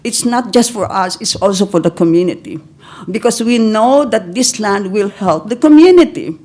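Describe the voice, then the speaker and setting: An older Filipino woman, almost in tears, addresses a county board in public comment, pleading in halting bursts with broken-off restarts. She talks at a medium pitch, animated, with a darkish tone.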